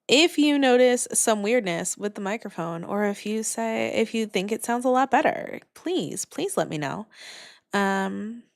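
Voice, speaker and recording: A woman's voice: fairly high pitch, lively intonation, a little slow, creaky, no room sound, studio quality. A woman VTuber streamer in casual live-stream chat from her attic on a new microphone, rambling and greeting viewers by name. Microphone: new studio microphone.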